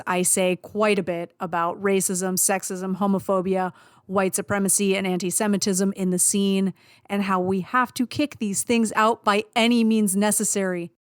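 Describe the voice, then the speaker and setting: Woman host for a radio show, mid-pitched, blunt and sweary, dry close sound. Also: clean tone, no echo. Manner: blunt, emphatic, swears freely. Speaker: radio show host and touring band member. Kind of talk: spoken story and radio intro.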